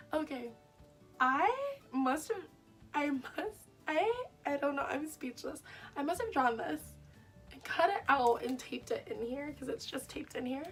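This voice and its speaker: A woman's voice: high-pitched, lively intonation, takes it slowly, pauses often, recorded from a distance, soft background music. A young woman vlogger reading her old diary aloud in a casual, self-mocking, wry way, laughing at herself.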